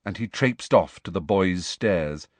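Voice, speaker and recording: A man reading a story aloud as narrator, in an animated storytelling manner. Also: low-pitched, measured pace, no echo. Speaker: audiobook reader. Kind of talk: scripted narration.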